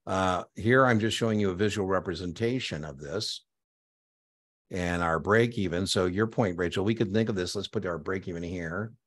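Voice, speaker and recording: A man teaching exam prep in a live online lecture, energetic and conversational, punctuating his points with "boom.". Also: normal speed.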